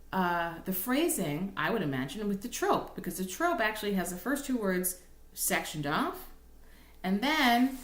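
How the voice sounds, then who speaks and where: Cantor woman teaching, roomy echoey sound. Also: mid-range voice. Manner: patient, explanatory, thinks aloud with restarts; breaks into slow sung examples. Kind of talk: recorded lesson explaining chant melodies.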